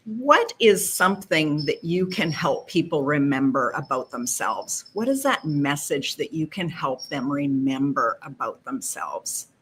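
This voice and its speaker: Deep-voiced woman co-host. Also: very animated, a little slow, hardly any pauses, a bit bright, breathy edge. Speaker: co-host asking a question. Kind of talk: interview question. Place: virtual event, video call. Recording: faint background noise.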